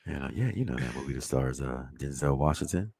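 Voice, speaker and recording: A man doing a comic impression of a smooth-talking man seducing a date, in a deep, slow, suggestive croon. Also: lively intonation, mellow, a little hiss or hum, full character voice. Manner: slow, suggestive sweet-talk.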